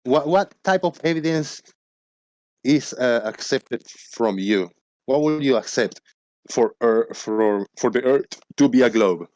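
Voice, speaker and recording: A man's voice: medium pitch, animated, measured pace, darkish tone, no echo. A man hosting a casual livestream, talking animatedly, swearing freely and acting out phone callers in a raised voice. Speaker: livestream host.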